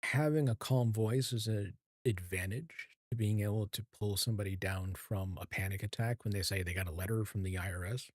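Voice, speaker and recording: Calm, quiet male streamer in his thirties; low, breathy tone, halting delivery full of ums. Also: no room sound, clean studio sound. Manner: calm, soft-spoken and even; hesitant, with many fillers and restarts. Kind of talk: casual chat while streaming a game. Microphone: streaming mic with equalizer.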